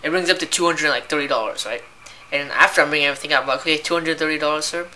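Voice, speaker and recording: A woman's voice: low voice, rapid-fire, pushed and bright, slight background noise. A young woman who works as a cashier, ranting in a casual, rambling way about annoying customers and filling her talk with "like" and "right?". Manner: exasperated, rambling, heavy use of "like" and "right?".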